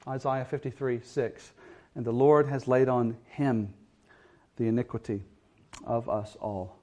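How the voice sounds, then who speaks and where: A man preaching an expository sermon in an earnest voice, moving between quiet, low passages and strong, emphatic ones.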